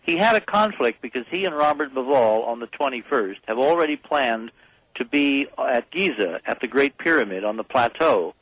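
A man talks as a guest on a radio call-in show, pressing his points with urgent emphasis. His voice sits at an ordinary pitch and comes through a dry broadcast sound with no room echo. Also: lively intonation, moderate pace, fairly bright tone, husky. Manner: emphatic, urgent, rallying the audience.

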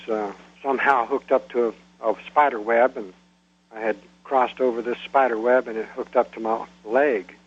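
A man calling in to a radio show, telling his own story in a plain, halting way. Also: medium pitch, breathy edge, lo-fi sound. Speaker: caller. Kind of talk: phone-in storytelling.

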